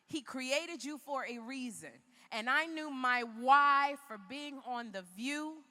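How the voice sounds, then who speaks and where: A woman's voice: high voice, slow, pushed and bright, in a large hall. A woman from Chicago giving a motivational keynote speech in a large arena, telling her story in an emphatic, preacher-like way. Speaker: keynote speaker.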